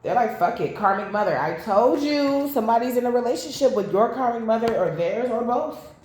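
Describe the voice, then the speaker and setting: A woman's voice: on the high side, lively intonation, brisk, darkish tone. A woman giving a casual tarot reading to camera, blunt and profane, drifting into rambling asides. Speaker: tarot reader. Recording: very echoey room.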